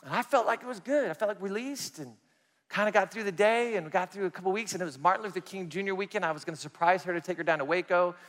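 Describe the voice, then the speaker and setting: Preacher, high tenor, animated storyteller, big hall reverb. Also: male voice, fast. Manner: animated storytelling, swings loud and soft. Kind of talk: sermon testimony.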